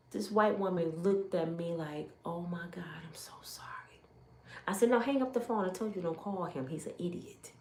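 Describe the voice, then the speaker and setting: A woman's voice: fairly low pitch, roomy sound. A middle-aged woman from Michigan telling an emotional personal testimony, emphatic and full of quoted dialogue. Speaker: testimony speaker.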